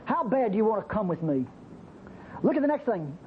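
A man preaching a sermon, acting out the biblical speakers with sudden jumps in pitch. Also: big pitch swings, brisk. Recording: muffled, faintly noisy old recording.

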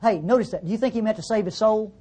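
A woman's voice: mid-range voice, fast, mellow, husky. A woman preaching a sermon in a conversational, teasing way, full of rhetorical questions.

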